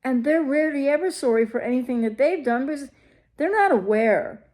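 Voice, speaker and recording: A woman's voice: high-pitched, expressive, brisk, darkish tone. A woman recovery coach talking straight to her viewers, emphatic and full of rhetorical questions. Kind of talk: direct-to-camera advice talk.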